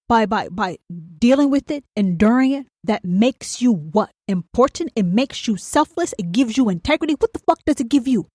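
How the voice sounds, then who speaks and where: A woman's voice: a little high, a little mellow, no room sound, studio quality. Blunt, profane woman podcast host. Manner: blunt, confrontational, rhetorical questions, heavy swearing. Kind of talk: profane motivational monologue.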